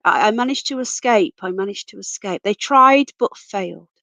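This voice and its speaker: A woman's voice: medium pitch, expressive, moderate pace, creaky, bright, forceful tone, dry recording. A woman hosting a casual livestream, reading out viewer comments and greeting everyone as darling and sweetheart, while her voice is going from a cold. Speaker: livestream host. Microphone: computer mic, off camera.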